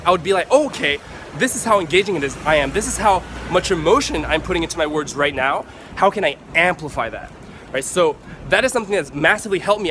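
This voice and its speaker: A man vlogging to camera, giving casual advice in an animated way, swearing freely and acting out excited examples. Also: a little high, a little hiss or hum.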